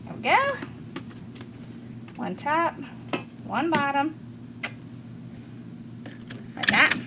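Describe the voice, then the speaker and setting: A woman's voice: high-pitched, wildly swooping pitch, drawn-out words, heavy background noise. A middle-aged woman with a Southern accent from rural Georgia, chatting with viewers as she demonstrates a craft, laughing often and thanking people by name. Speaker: craft tutorial host.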